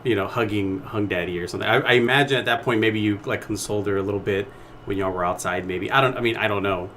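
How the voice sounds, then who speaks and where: Low-voiced hesitant man in casual chat. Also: fast, a bit bright, a little hiss or hum. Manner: hesitant, filler-heavy, reactive. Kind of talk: casual gaming podcast chat.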